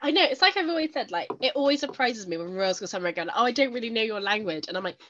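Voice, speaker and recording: Bright-voiced British woman, jokey podcast co-host. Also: fairly high pitch, racing, lo-fi sound. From United Kingdom. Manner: lively, jokey, acts out quoted voices. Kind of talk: casual chat.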